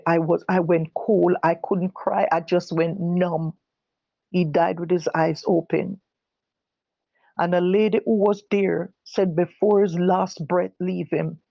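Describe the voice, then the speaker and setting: Gravelly Jamaican woman, middle-aged. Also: fairly low pitch, warm tone, dry recording. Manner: halting, self-correcting storytelling with repeated words. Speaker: bereaved mother giving testimony. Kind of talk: personal testimony. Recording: dull lo-fi recording.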